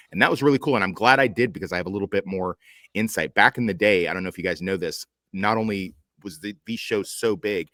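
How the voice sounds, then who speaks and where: A man's voice: low voice, a bit bright, no room sound. A man hosting a casual group chat, joking, teasing and swearing freely. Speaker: podcast host.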